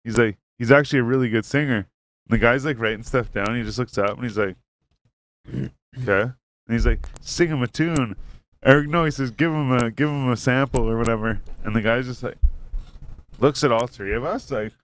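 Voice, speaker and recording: A man's voice: medium pitch, steady tone, brisk, fairly bright tone. A man telling a story in casual chat, rambling and swearing, acting out what people said. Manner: rambling, profane, acts out quotes.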